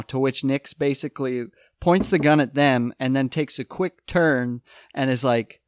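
Man with a clear, smooth voice. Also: mid-range voice, a little slow, few pauses, no echo, studio quality. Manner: joking, acts out quoted lines. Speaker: podcast co-host. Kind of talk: casual movie recap chat.

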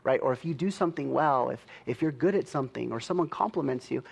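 A man's voice: medium pitch, fast talker, vocal fry, breathy edge. A young adult man preaching a sermon in a chatty, easygoing way, laughing often and checking in with "right?".

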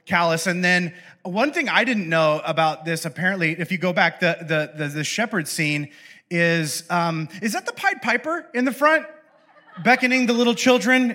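A young man with a high, bright voice preaches casually and playfully. He often stops and restarts his sentences, and he tosses in jokes as he goes. The tone is relaxed and conversational. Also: moderate pace. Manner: chatty, self-interrupting, playful. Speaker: pastor. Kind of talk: casual humorous sermon.

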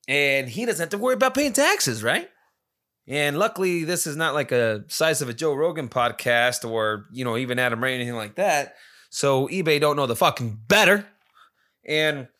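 A man's voice: medium pitch, sharp tone. A man from Las Vegas telling a casual, rambling story, swearing freely and filling gaps with "you know.". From Las Vegas, USA. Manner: rambling, profane, many fillers.

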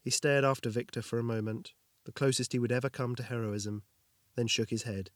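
A man narrating a story aloud in a measured, unhurried reading. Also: medium pitch, steady tone, no echo, clean studio sound.

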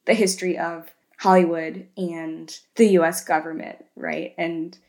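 A woman co-hosting a casual podcast, retelling film scenes in an animated way and tagging lots of questions. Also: on the low side, a little slow, gravelly. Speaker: podcast co-host.

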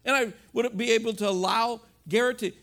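Pastor guy preaching, pretty high voice, animated, keeps asking "right?". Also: fairly quick, creaky. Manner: animated, conversational preaching with rhetorical questions. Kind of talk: sermon.

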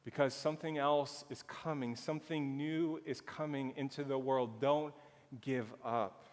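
Man, pastor, unhurried earnest sermon, mid-pitched voice, long church reverb. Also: steady tone. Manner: slow, earnest preaching with drawn-out phrases. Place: church sanctuary.

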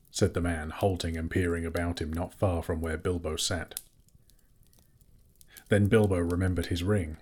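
Low husky guy reading a fantasy audiobook, steady and measured. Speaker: narrator. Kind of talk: scripted audiobook narration.

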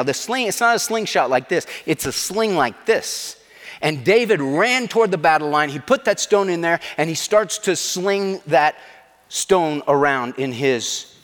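A male preacher telling a story in an animated, dramatizing way during a revival sermon. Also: in a large hall. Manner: animated, dramatizing, shifts pitch for effect.

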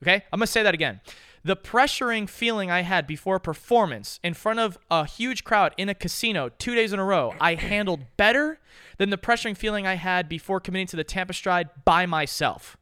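Young guy on a podcast, bright clear voice, swears a lot, super animated, dry close mic. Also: high-pitched, fairly quick, dry recording. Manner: animated, profane, jokey storytelling. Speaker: podcast co-host. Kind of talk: casual chat.

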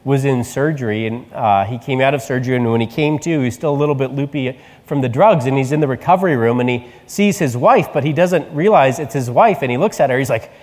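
A male pastor delivering a sermon in a conversational, animated storytelling manner. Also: mid-range voice, quick pace, hardly any pauses, in a large hall. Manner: conversational preaching, animated retelling.

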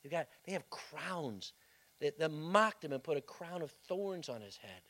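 A male pastor preaching a sermon as dramatic storytelling, swinging from loud bursts to hushed tones. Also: a little high, sing-song, measured pace.

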